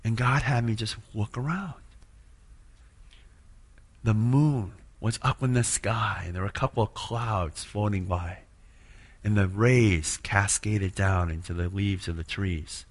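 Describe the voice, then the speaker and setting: A man telling an earnest spoken testimony of faith, moving between hushed passages and loud, impassioned ones. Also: fairly low pitch, fairly even intonation, a little slow. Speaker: churchgoer sharing a personal testimony.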